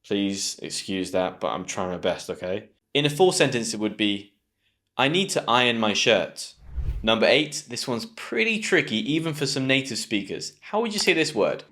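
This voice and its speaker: A British man with a British English accent, teaching English pronunciation to camera and slowly repeating words clearly. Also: fairly low pitch, big pitch swings, fairly bright tone. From Britain.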